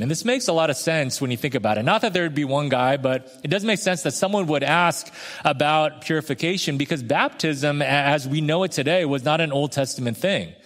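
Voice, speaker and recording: A man's voice: a little high, fairly bright tone. Conversational male preacher in a reverberant hall. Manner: conversational, acts out quoted voices, slows for emphasis. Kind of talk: sermon.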